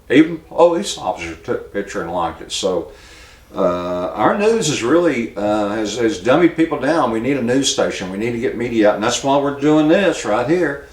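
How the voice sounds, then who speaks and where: A man hosting a local news commentary show, talking in a plainspoken, halting way and cueing a producer to put up pictures. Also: mid-range voice, echoey room. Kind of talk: casual spoken commentary.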